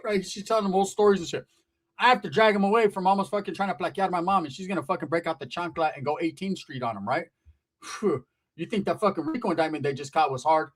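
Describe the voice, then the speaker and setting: Fast-talking profane storytelling man. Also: high-pitched. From California. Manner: profane, animated, acts out voices. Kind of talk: comedic storytelling.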